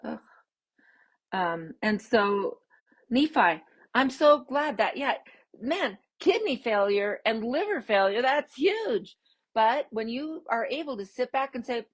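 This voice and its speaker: A woman hosting a casual live-stream talk for her viewers as a parenting coach. She speaks warmly and expressively, with upbeat swoops in her voice and frequent laughs. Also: on the high side, big pitch swings, slow. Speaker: podcast host and parenting coach.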